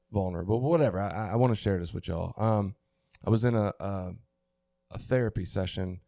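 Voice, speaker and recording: A middle-aged man talks candidly on a recovery podcast in a gravelly, mellow voice that sits a little low. He gropes for words, restarts, and swears casually. The sound is dry and close. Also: no room sound. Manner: open, searching, stops and restarts, swears. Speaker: podcast co-host.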